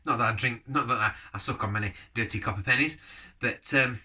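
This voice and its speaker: A man's voice: mid-range voice, fairly quick, sharp tone, breathy edge. A man casually reviewing a beer on camera, rambling from one thought to the next and giving blunt verdicts. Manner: rambling, jumps between topics.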